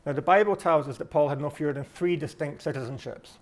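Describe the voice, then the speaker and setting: Scottish male speaker, quick and fairly high, reflective lecturer who restarts his phrases. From Scotland. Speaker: speaker giving a talk. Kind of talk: delivered talk.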